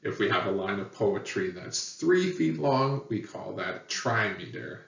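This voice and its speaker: A man teaching a lesson in a plain, patient way, pausing often with fillers. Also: on the low side, expressive, vocal fry, a bit bright. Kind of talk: explanatory lecture. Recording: echoey, dull, far from mic.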